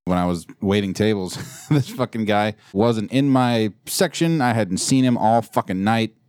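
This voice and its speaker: A man's voice: lowish voice, normal speed, a little mellow, no room sound, studio quality. A man telling profane stories in casual podcast chat, jumping into exaggerated quoted voices.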